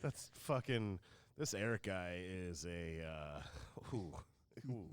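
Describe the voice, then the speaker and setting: A man's voice: low voice, lively intonation, slow pace, smooth, no room sound. A man co-hosting a podcast, reacting to a story with crude banter and joking asides. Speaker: podcast co-host. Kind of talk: casual chat.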